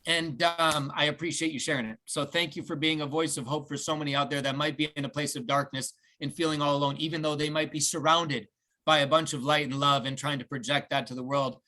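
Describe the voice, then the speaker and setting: Male host for a company video call, heartfelt and halting, bright and a bit high. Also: steady tone. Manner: earnest and emotional, slow with restarts.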